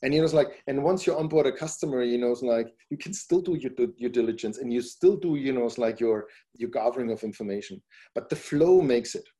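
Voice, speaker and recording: A man's voice: mid-range voice, fairly quick, dark tone. A man guesting on a podcast, answering at length in casual talk, filling his sentences with "you know, it's like" and growing emphatic on his points. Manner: rambling, repeats "you know, it's like" often; grows emphatic when making a point. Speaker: podcast guest, company founder.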